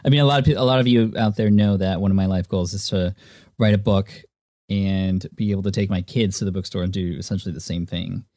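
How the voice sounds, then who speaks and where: A man hosting a podcast interview, openly supportive and quick to react to his guest. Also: low-pitched, steady tone, dark tone, no room sound, clean studio sound. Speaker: podcast host. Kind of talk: interview conversation.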